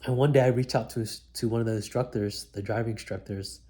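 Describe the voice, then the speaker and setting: A man's voice: medium pitch, steady tone, fast talker, dark tone. A man telling his own story in one reflective take, in casual slangy talk full of "like" and "man". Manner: casual slangy talk, many likes and mans. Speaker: vlogger recounting his life. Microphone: single mic, one take.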